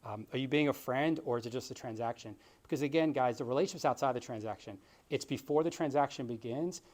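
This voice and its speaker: A man's voice: mid-range voice, quick pace, darkish tone. A man in his thirties giving an earnest, conversational motivational talk as a realtor and author, often calling his listeners guys.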